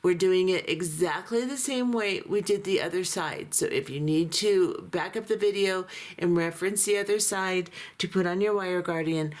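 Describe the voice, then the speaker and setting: A woman giving a calm, methodical beading tutorial, talking through each step as she works, her voice a little hoarse. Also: fairly low pitch. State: voice going hoarse. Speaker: beading instructor.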